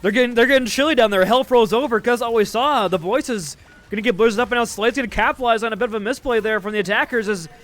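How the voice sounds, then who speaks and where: A man's voice: very high voice, quick pace, a bit bright. A man casting a live esports match, chatty and joking as he walks through the play. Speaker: esports caster.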